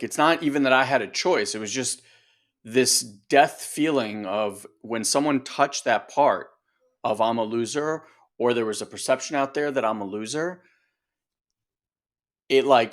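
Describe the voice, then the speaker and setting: Brief: male coach, conversational and lively, middle pitch, explaining with examples. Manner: animated, acts out voices, conversational. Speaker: coach and co-host. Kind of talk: casual coaching podcast talk.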